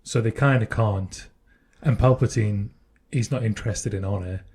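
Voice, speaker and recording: Male podcast co-host, low mellow husky voice, thinks aloud in casual chat. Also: moderate pace. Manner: speculative, reasons things through step by step.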